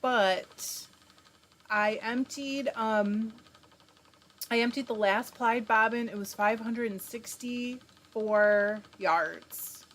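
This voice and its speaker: Chatty lady on a live stream, fairly high voice, says hi to everyone, laughs a lot. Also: slow pace, fairly bright tone. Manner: chatty, greets viewers by name, reads comments aloud; laughs often while talking. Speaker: livestream host spinning yarn. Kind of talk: casual live-stream chat with viewers.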